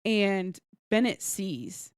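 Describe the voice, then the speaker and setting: A woman's voice: medium pitch, drawn-out words, clean tone, no echo. Woman retelling a book plot, dry sound. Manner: animated retelling with acted quotes and swearing. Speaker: podcast co-host. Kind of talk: casual book review chat.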